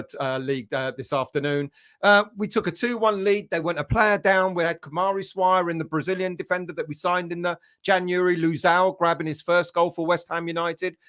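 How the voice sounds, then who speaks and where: A man's voice: high-pitched, fairly bright tone. A man hosting a football fan livestream, rambling and chatty as he greets viewers by name. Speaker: fan channel host. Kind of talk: casual livestream chat.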